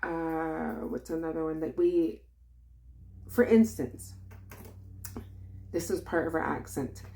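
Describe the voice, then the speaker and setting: Woman w/ thick kwak̓wala-influenced accent, casual teaching vlog, slowish and kinda lowish voice, lots of ums. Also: mellow. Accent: Kwak̓wala-influenced English. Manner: unhurried, loose, with many fillers. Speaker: language teacher.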